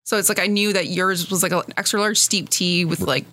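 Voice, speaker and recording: A woman's voice: fairly low pitch, fairly even intonation, brisk, sharp tone, no echo. A Canadian woman with a Canadian accent, a chatty podcast co-host talking casually. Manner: chatty, laughs easily.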